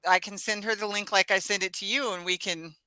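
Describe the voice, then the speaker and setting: A woman's voice: mid-range voice, fairly even intonation, fairly quick, bright, forceful tone, smooth, no echo, low-quality recording. A woman hosting a casual livestream chat, easygoing, with fillers and laughs. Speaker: host.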